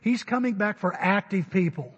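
A man's voice: high voice, normal speed, breathy edge. Emphatic male pastor in a reverberant hall. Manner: emphatic, rising to loud stresses. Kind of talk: sermon. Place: church sanctuary. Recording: dull recording with long hall reverb.

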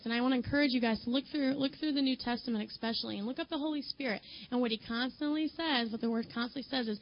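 Gravelly-voiced woman giving a chatty sermon. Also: high-pitched, dull audio. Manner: chatty, addresses listeners directly, fills with "you know". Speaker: women's ministry speaker. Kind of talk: conversational sermon to women.

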